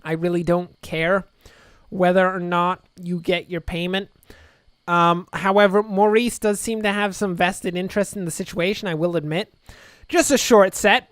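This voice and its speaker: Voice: mid-range voice, a bit bright, smooth, no room sound, clean studio sound. A video game let's-play host giving casual commentary and reading the dialogue aloud, with sarcastic, wry asides.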